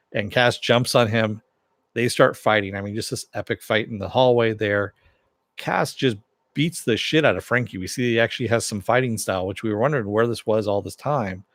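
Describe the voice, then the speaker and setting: Man, lowish voice, rambling episode recap, lots of uh and you know, dry close sound. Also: no echo. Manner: rambling, filler-heavy, loosely acts out quotes. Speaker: TV episode reviewer. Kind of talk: casual spoken recap.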